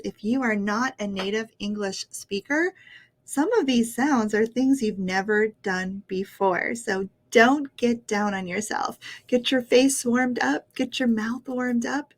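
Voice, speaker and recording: A woman with an American accent teaching English pronunciation, patient and encouraging, often laughing lightly as she explains. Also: a little high. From United States. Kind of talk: pronunciation lesson.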